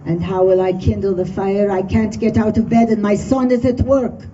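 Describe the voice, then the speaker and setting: A woman's voice: mid-range voice, level tone, moderate pace, mellow, slight background noise, natural voice. A woman storyteller voicing a sick, poor old widow lying in bed, asking worried questions. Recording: dull distant room recording.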